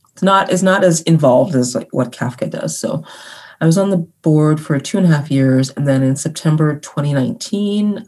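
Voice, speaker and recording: A woman who manages an arts organization, chatting as a podcast guest, laughing often and filling pauses with "you know". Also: deep voice, warm tone, husky. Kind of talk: casual interview chat.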